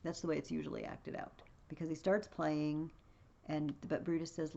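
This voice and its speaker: A woman's voice: sits low, fairly even intonation, moderate pace, gravelly, darkish tone, highs cut off. A woman teaching a play, reading passages aloud with feeling and then explaining them in a casual way.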